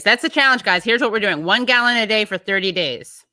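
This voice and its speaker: A woman's voice: mid-range voice, animated, fairly quick, few pauses, bright, forceful tone, no echo, clean studio sound. A woman hosting a casual show, chatting loosely, breaking off mid-thought and reading out viewer comments. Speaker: show host.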